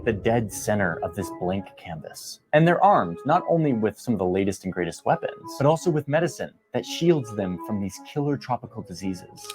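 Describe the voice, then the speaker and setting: Wry, casual male history narrator. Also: mid-range voice. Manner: conversational and wry, with slangy asides and dramatic beats. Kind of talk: casual scripted explainer narration. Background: background music.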